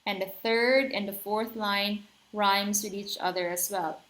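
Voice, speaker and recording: Slow, patient woman teaching literature. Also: mid-range voice, steady tone, fairly bright tone, poor audio. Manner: patient, checks in with listeners, taps out rhythms aloud. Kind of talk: explanatory recorded lecture.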